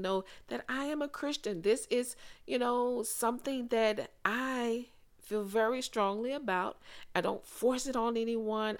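A woman hosting a faith-based podcast, speaking to listeners in an earnest, conversational way with pauses and restarts. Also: mid-range voice. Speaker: podcast host.

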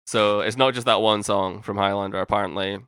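A young man with a fairly low voice that is bright and crisp, co-hosting a podcast in easy banter. He rambles, restarts his sentences and drops the odd swear. The sound is very dry and close. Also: fairly even intonation, a little fast, no room sound. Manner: rambling, self-interrupting, swears casually. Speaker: podcast co-host. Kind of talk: casual podcast chat.

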